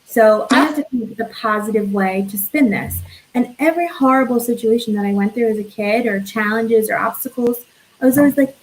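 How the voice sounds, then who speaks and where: A woman's voice: fairly high pitch, brisk, poor audio. Bubbly, effusive woman host. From New York. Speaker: podcast host. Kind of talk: casual upbeat chat.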